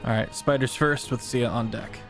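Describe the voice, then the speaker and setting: A man running a tabletop game as game master, slowing down to draw out eerie descriptions. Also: medium pitch, steady tone, fairly bright tone, faint music behind. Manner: slows down for eerie, drawn-out description.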